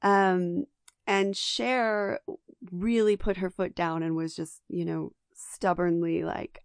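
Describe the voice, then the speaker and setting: Gravelly low-voiced woman chatting about films. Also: little pitch movement, takes it slowly, dry recording, clean studio sound. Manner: chatty, enthusiastic, frequent restarts. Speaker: podcast co-host. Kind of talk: casual film discussion.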